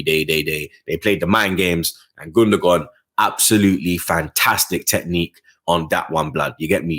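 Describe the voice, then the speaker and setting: A man giving a casual football match review, full of slang and constant asides to the listener, his voice jumping up on the points he cares about. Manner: slangy, keeps adding "blood, you get me"; passionate, rising pitch on key points. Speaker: football fan channel host.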